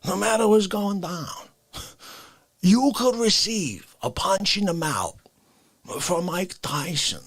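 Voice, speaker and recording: A man putting on an indignant Italian tough guy from the Bronx, ranting slowly and dropping from shouts to hushed whispers. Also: high voice, animated, creaky, husky, no room sound, full character voice. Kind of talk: comedic character monologue.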